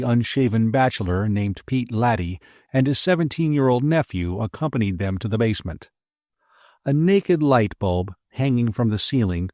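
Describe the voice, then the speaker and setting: A man's voice: medium pitch, no room sound, studio quality. Man narrating an adventure audiobook. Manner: expressive storytelling delivery.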